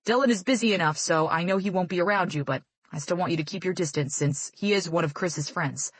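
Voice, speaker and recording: A woman's voice: on the low side, brisk, dry recording, lightly acted. A woman voicing a stern middle-aged male football coach who gives curt, commanding orders.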